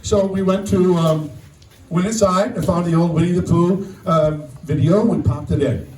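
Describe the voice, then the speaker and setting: An older man giving a memorial speech as guest speaker, telling a personal story in a halting way, often repeating words. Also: high voice. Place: outdoor memorial gathering. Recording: distant echoey sound with faint noise.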